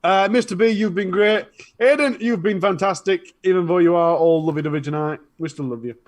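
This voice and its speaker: A man's voice: high voice, fairly quick. A man with a northern English accent, co-hosting a casual online show with teasing, giggly banter. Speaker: co-host.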